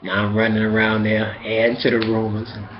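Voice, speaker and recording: A man telling a profane, animated stand-up story that builds to loud outbursts. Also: fairly low pitch, a little fast, slight background noise. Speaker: stand-up comedian. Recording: roomy, dull sound with faint ambience.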